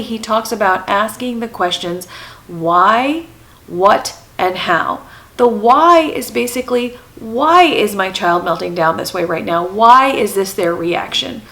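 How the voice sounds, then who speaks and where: A woman's voice: mid-range voice, fairly bright tone, poor audio. A woman in her thirties, hosting a parenting channel, talking to camera in an earnest way and repeating her questions for emphasis. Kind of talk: advice talk to camera.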